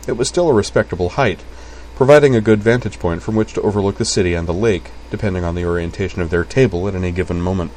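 A man reading a novel aloud in an even, wry storytelling way. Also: on the low side. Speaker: narrator.

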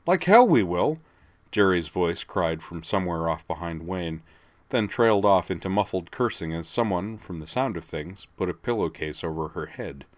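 A man narrating an audiobook in a measured, even storytelling manner. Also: sits low, no echo.

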